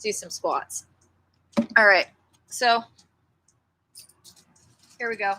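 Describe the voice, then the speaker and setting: A woman's voice: medium pitch, drawn-out words, bright, forceful tone, a little hiss or hum, poor audio. A young woman livestreaming casually outdoors in front of her house, rambling, thanking viewers by name and reading aloud from a book. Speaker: livestream host. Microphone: laptop or webcam mic.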